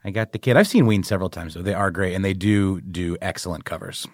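A man's voice: deep voice, quick pace, dry recording, studio quality. A man in his thirties co-hosting a podcast, playful and self-mocking in casual chat. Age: 30s. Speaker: podcast co-host.

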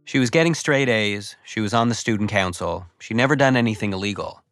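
Low-voiced, wry male narrator. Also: brisk, a bit bright, soft background music. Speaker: host and narrator. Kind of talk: scripted podcast narration.

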